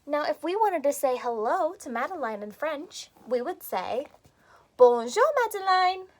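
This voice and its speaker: A woman's voice: sits high, animated, normal speed, darkish tone. A woman reading a picture book aloud to children in a teacherly way, coaxing them to repeat words and join in. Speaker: children's storytime reader.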